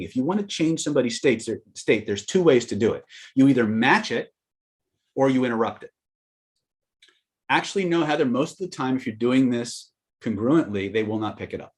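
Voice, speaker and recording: Animated man teaching persuasion tactics. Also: medium pitch. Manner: animated, acts out quotes with sudden loud outbursts; conversational, with restarts and asides to listeners. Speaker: persuasion trainer. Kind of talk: live seminar storytelling and teaching.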